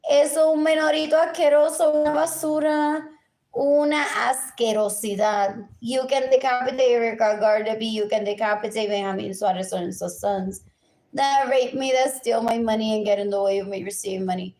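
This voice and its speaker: A woman's voice: a little high, steady tone, normal speed, darkish tone. A woman, ranting agitatedly on a live stream, repeating herself in chanted lists and switching languages mid-sentence. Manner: switches between English and Spanish mid-sentence. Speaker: livestreamer. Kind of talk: unscripted live stream rant.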